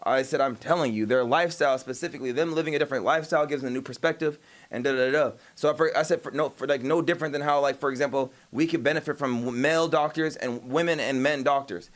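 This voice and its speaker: A man's voice: medium pitch, steady tone, fast. A young man on a casual livestream, retelling an argument in a rambling, profane way, with many restarts and admitting he stutters sometimes. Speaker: streamer.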